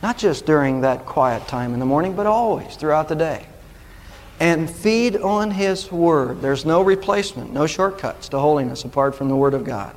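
A man preaching a sermon as pastor, earnest and emphatic, slowing down to stress key words. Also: fairly high pitch, big-room sound.

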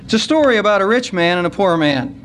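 A man preaching a sermon at a church service, earnest and unhurried, slowing down to stress key words. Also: high voice, expressive, fairly bright tone, a little hiss or hum. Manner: earnest, slows down to stress scripture.

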